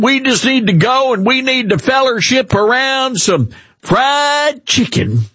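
Man putting on a high syrupy Southern drawl. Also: a bit bright, breathy edge, no room sound, heavily acted. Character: exaggerated folksy Southern politician, woman, syrupy and scolding.

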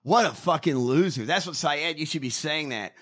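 A man's voice: a little high, expressive, a bit bright. A man co-hosting a podcast, ranting in crude, mocking political banter. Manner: crude, mocking, rapid rants. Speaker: podcast co-host.

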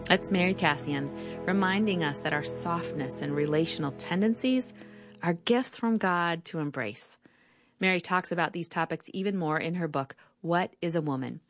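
A woman hosting a ministry program, reading a scripted outro and donation appeal in a friendly announcer manner. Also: on the low side. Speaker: radio program host. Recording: music bed under the voice.

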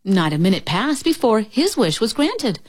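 Lively woman reading a storybook aloud. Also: fairly high pitch, normal speed, no echo, studio quality. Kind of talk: children's storybook read-aloud.

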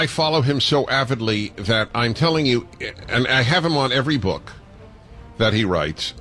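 A man's voice: mid-range voice, bright, forceful tone. A man hosting a radio talk show, jovial and laughing easily while he interviews a guest.

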